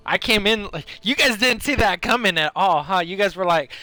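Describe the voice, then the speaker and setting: A man's voice: high-pitched, lively intonation, normal speed, bright, forceful tone, dry recording, soft background music. A man livestreaming a video game, chatting casually, rambling and answering his chat as he plays. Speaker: gaming livestreamer. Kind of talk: casual chat over gameplay.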